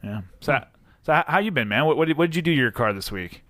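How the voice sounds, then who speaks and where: A man's voice: a little high, lively intonation, quick pace, sharp tone, no echo, clean studio sound. A man hosting a podcast, chatting casually about cars, joking and talking in fits and starts. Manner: laid-back, joking, talks in fits and starts. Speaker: podcast host. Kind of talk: casual car chat.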